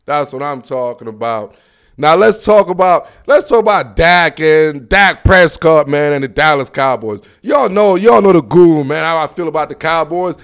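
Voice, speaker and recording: A man talking sports in a casual monologue, animated and slangy, repeating himself as he pushes his opinions hard. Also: fairly high pitch, moderate pace, clean tone. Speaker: sports commentator.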